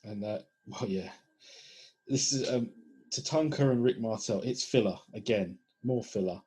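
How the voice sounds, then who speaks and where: A podcast co-host with a somewhat low voice that has a husky edge. He talks in a relaxed, casual way, recapping events with plenty of pauses and fillers. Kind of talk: casual chat.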